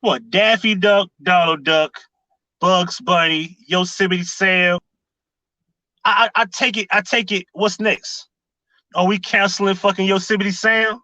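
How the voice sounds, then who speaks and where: Male streamer, high bright voice, sarcastic questions, dry close sound. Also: steady tone, unhurried, no room sound, poor audio. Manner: sarcastic rhetorical questions, greets chatters. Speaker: livestream commentary host. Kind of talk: casual live-stream commentary.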